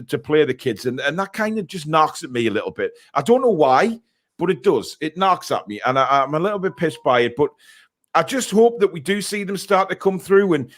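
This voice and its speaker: A man hosting a casual fan podcast, chatting and reacting with frequent filler words. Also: fairly high pitch. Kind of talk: casual live-stream chat.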